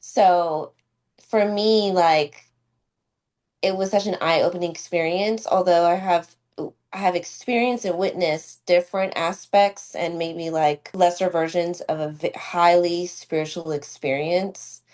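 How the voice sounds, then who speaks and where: A woman's voice: on the low side, fairly even intonation, a little slow, darkish tone. A woman who works as a doula and student midwife, telling an emotional birth story in a casual podcast conversation. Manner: heartfelt storytelling, emphatic.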